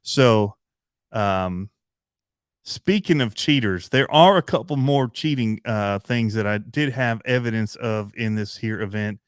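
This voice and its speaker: A man hosting a hobby channel livestream, chatting in a rambling, relaxed way with lots of fillers and little laughs. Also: fairly low pitch, unhurried, clear, resonant tone, no room sound, studio quality. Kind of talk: casual livestream chat.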